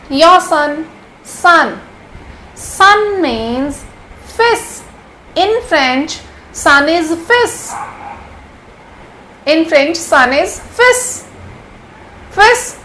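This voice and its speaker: Woman, Hindi speaker, patient vocabulary teacher, high-pitched, unhurried drill style. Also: very animated, sharp tone, a little hiss or hum, poor audio. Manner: patient, repeats each word slowly several times. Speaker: language teacher. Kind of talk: vocabulary lesson.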